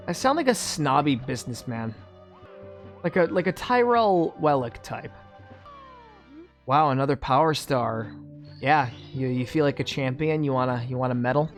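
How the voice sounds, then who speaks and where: A man's voice: mid-range voice, lively intonation, moderate pace, faint music behind. A man giving casual gameplay commentary as a gaming YouTuber, rambling and sarcastic, with many restarts.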